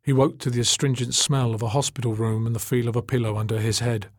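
A man narrating an audiobook in a measured, dramatic storytelling manner. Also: mid-range voice, little pitch movement, no echo, studio quality.

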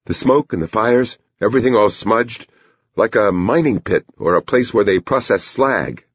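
A man's voice: lowish voice, expressive, normal speed, husky, dry recording, pitched above the performer's own voice. A man voicing a frail, strange visionary with a weak, thin voice and a plaintive, pleading manner. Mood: haunted. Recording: dull lo-fi recording.

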